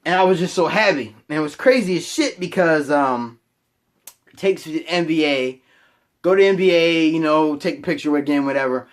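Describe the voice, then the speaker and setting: A man's voice: on the high side, normal speed. A young man telling a personal story to his camera in a rambling, profane, self-mocking way. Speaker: vlogger.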